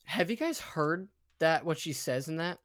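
A young man co-hosting a casual podcast, telling a story in a hurried, stumbling way. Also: fairly high pitch, lively intonation, fairly bright tone, no echo, studio quality. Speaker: podcast co-host. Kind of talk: casual chat.

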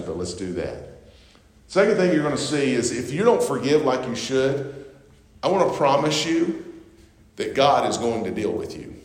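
A man's voice: medium pitch, a little mellow. A man preaching a sermon as pastor, earnest and emphatic, often restarting his words. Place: church sanctuary. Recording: echoey church hall.

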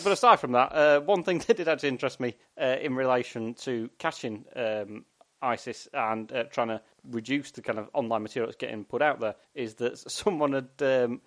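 A man's voice: mid-range voice, a bit bright. A man from England with a Sheffield accent, co-hosting a podcast in casual chat, wry and jokey, acting out imagined thoughts. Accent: Sheffield English. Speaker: podcast co-host.

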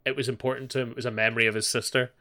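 A man's voice: medium pitch, level tone, bright, forceful tone. A man co-hosting a podcast, retelling scenes in a rambling, sweary casual chat. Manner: rambling, sweary, quick retelling with quoted lines. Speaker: podcast co-host. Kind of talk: casual chat recapping an anime.

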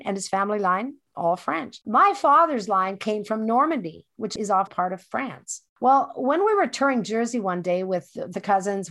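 Woman, personal storytelling, animated, emphatic, repeats herself for effect. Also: mid-range voice.

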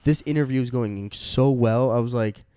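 A man's voice: medium pitch, moderate pace, warm tone, clear, resonant tone, no echo. Rambling young man, dry close sound. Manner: rambling, crude, full of fillers. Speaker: podcast co-host. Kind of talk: casual podcast banter.

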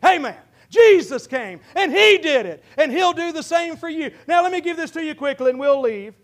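High-pitched shouting preacher. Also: male voice, animated, moderate pace. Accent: Midwestern American. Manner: fervent, often shouting, calls and responses. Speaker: pastor. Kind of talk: sermon.

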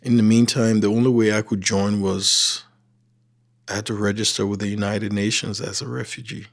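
A man's voice: fairly low pitch, normal speed. A middle-aged man from Liberia with a Liberian accent, telling his life story and acting out the dialogue he quotes. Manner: animated storyteller who acts out quoted dialogue. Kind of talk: personal storytelling. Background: faint music.

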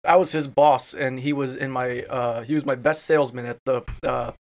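A man's voice: medium pitch, steady tone, normal speed, vocal fry. A young man introducing his tabletop character in a joking, laughing manner. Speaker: player. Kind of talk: casual tabletop game chat.

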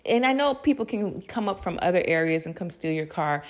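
A young woman telling a story to her listeners on a podcast. Her voice is a little low, and she talks in a loose, slangy way. She swears freely and breaks into laughter often. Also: expressive, a little fast. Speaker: podcast host. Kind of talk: casual storytelling.

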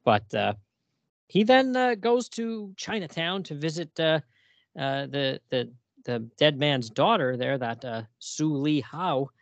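A man's voice: fairly high pitch, expressive, no echo, muffled recording. Laughing man recapping a comic. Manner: laughs often, reads lines aloud in quick put-on voices. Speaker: podcast co-host. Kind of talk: casual chat recapping a comic.

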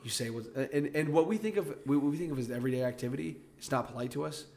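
A man's voice: mid-range voice, fast talker, gravelly, a little hiss or hum. Young Southern man chatting casually. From American South. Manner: relaxed storytelling with frequent "like" fillers. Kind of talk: casual chat.

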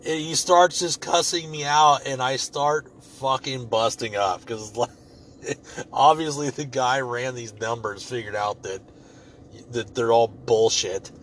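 A man's voice: mid-range voice, fairly even intonation, unhurried, a bit bright, a little hiss or hum. A man telling a story in a casual, rambling way, swearing freely and joking as he goes. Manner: profane, rambling, loose and joking.

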